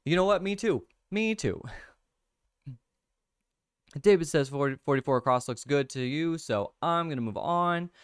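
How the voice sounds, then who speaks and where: A young man casually hosting a livestream, thinking out loud over crossword clues, reading viewer comments and laughing often. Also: on the high side, lively intonation, moderate pace, pauses often, clear, resonant tone, no echo, studio quality. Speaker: livestream host. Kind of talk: casual chat, solving a crossword with chat.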